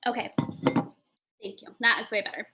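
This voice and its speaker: Woman, elementary teacher, slightly high voice, chatty classroom manner, stretches out words for kids. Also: steady tone, sharp tone, slight background noise, low-quality recording. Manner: friendly, chatty teacher talk with drawn-out example words. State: throat tickle, clears throat often. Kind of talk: recorded phonics lesson for young children.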